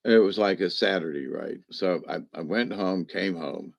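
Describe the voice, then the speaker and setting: A man's voice: sits low, normal speed, gravelly, no room sound. A man telling a personal story in a casual, rambling way, folksy and meandering, with homespun slang.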